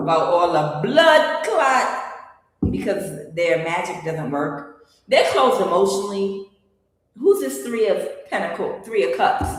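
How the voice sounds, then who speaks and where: A woman with a slightly low voice talks through a casual tarot reading, blunt and rambling, full of fillers and restarts. Her voice rings out in a very echoey space with a long, lingering reverb. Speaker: tarot reader.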